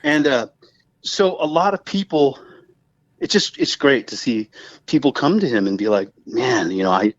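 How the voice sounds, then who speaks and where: A man who is a guest musician on a podcast, telling stories in a rambling, animated casual chat full of fillers. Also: a little high, normal speed, no echo, dull audio.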